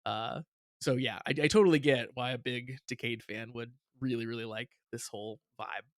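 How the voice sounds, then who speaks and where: A man's voice: mid-range voice, steady tone, moderate pace, no room sound, studio quality. A man co-hosting a casual review podcast, chatty and laughing often, with many repeated words. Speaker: podcast co-host.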